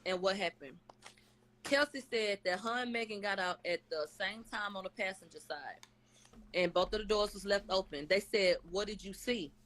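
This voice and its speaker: A woman's voice: mid-range voice, normal speed, fairly bright tone. Blunt, slangy woman recapping. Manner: blunt, profane, slangy, quotes testimony in acted voices. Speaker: vlogger recapping a court case. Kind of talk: casual live recap.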